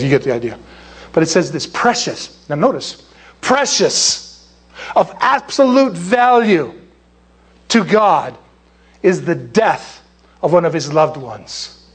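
A middle-aged male pastor from California preaching an animated, jokey sermon. His voice sits high and carries a husky edge. He leaps into squealing voices when he acts out quotes.

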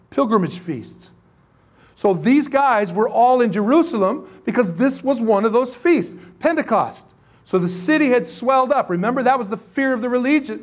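A man preaching a sermon to his congregation, animated and joking, with many rhetorical questions. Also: high-pitched. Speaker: pastor.

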